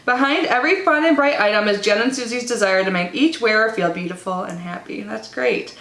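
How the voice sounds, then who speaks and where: A woman's voice: on the high side, brisk, a bit bright. A woman chatting casually as she unboxes a subscription box, bubbly and talkative, reading product cards aloud. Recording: echoey room.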